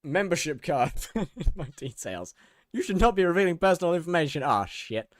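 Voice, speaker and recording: A young man streams a game in casual, chatty commentary, reading quest text aloud and often breaking into laughter. His voice sits slightly high and swings widely in pitch. The sound is dry and close, with no room around it. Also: sing-song, normal speed, dry recording.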